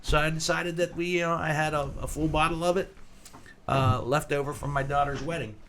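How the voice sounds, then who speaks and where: A man's voice: a little high, steady tone, brisk, crowd noise. A man in his sixties hosting a podcast, chatting casually and telling rambling, self-deprecating stories. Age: 60s. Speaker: podcast host. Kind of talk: casual chat.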